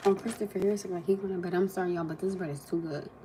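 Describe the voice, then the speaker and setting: A young woman hosting a livestream, telling family stories in a casual, animated way and acting out what people said, with frequent laughs and pauses to eat. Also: fairly low pitch, a little hiss or hum. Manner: animated, acts out quotes, laughs often, eats while talking. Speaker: livestream host.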